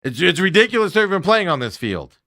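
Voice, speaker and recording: A man's voice: high-pitched, big pitch swings, fast talker, bright, forceful tone, no echo, clean studio sound. A man hosting a sports talk show, ranting with strong opinions and mocking players in put-on voices. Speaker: sports radio host.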